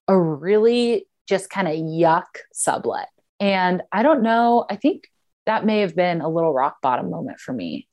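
A young woman in casual chat, telling a personal story and acting out the lines of others. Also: medium pitch. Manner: animated storyteller, acts out quotes.

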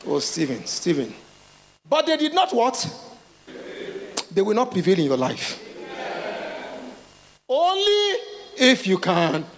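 A middle-aged man with a Nigerian accent, preaching a lively sermon and acting out voices of the people he quotes. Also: extremely high pitch, slow pace, long pauses, slight background noise. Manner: animated preaching, acts out quoted voices, laughs, calls out. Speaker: pastor.

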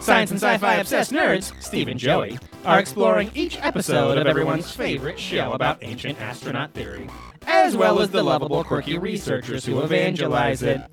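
A man voicing a theatrical male alien announcer who stretches his words slowly and grandly. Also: a little high, big pitch swings, loud music behind the voice, voice pushed up. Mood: grandiose. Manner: slow, drawn-out, grandiose delivery.

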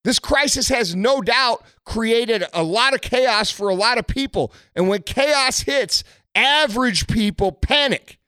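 A man with a high voice delivers a blunt motivational rant, cursing freely as he drives his points home. The sound is dry and close, with no room around him. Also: lively intonation, measured pace, pushed and bright, clean tone, dry recording. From United States. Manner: blunt, aggressive, heavy swearing. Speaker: motivational speaker.

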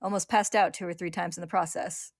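A woman's voice: lowish voice, fairly even intonation, fairly quick, no echo, studio quality. A woman playing a defiant wounded male officer.

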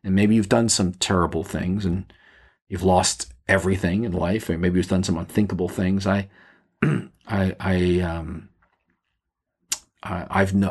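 A man with a deep, slightly husky voice teaches in a podcast devotional. He speaks earnestly and haltingly, often stumbling and restarting his phrases as he works through a scripture passage.

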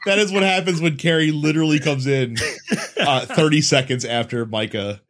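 A man's voice: a little high, crowd noise. A man hosting a podcast, talking in a wry, casual way and laughing easily. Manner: animated, wry, quick to laugh. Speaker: podcast host.

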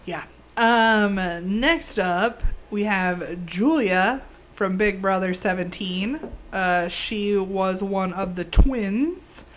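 A woman's voice: medium pitch, slow pace. A woman co-hosting a podcast in casual chat, talking eagerly and laughing often. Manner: chatty, enthusiastic, frequent laughter. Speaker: podcast co-host.

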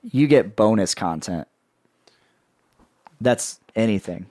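A man hosting a casual podcast, rambling through plugs with a playful sales-pitch delivery. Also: expressive, slow, dark tone, no room sound. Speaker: podcast host and network editor. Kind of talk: casual podcast chat with co-hosts.

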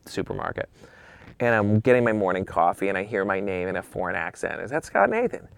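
A middle-aged man, a photographer, telling a lively anecdote in conversation and shifting his voice when he quotes people. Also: fairly quick, gravelly, clear, resonant tone, dry recording. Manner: lively, swings pitch when quoting people. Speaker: photographer guest.

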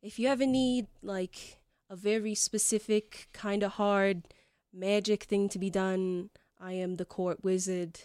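Sheepish thirty-ish male court wizard voiced by a woman, hesitant, low-ish dry read. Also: steady tone, normal speed, dry recording, lightly acted. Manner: hesitant, full of fillers.

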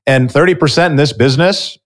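A man's voice: fairly high pitch, fast. A man hosting a podcast interview who reflects on and sums up his guest's story, stressing key points for listeners. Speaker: podcast host. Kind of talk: interview conversation.

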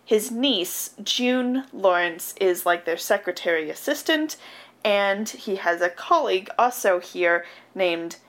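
Slow and animated, this woman's mid-range voice has a slightly bright edge. Co-hosting a relaxed podcast, she runs through a movie's story with plenty of giggles, laughter and filler words.

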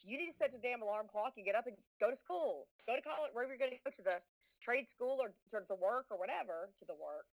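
A woman's voice: on the high side, lively intonation, fast, poor audio. A middle-aged woman with a Southern American accent, chatting animatedly over a remote call as a podcast guest, swearing freely and restarting her sentences. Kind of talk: casual chat.

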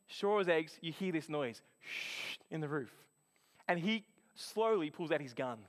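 A man delivers a sermon in a high, light voice. He tells his story in an animated, chatty way. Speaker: preacher.

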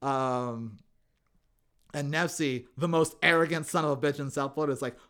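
A man's voice: on the high side, moderate pace. A man co-hosting a podcast, casually recapping a TV episode and acting out the characters' lines in funny voices. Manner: animated retelling, acts out quotes in funny voices. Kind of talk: casual chat.

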